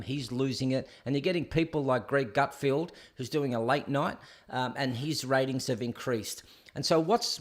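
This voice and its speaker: A man hosting a live stream show. He rants with sarcasm and talks straight to his viewers. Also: mid-range voice. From Australia. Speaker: host. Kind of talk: opinionated live-stream commentary.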